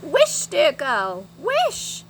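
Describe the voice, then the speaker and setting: A woman reading a storybook voices Moonface, an excitable male friend who yells urgently. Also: sits high, very slow, slight background noise, pitched above the performer's own voice, full character voice. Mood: frantic. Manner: urgent, yelling.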